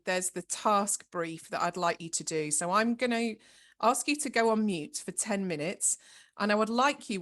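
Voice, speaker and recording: A woman's voice: medium pitch, fairly bright tone. Woman facilitating an online workshop. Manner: encouraging, instructive. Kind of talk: online training session.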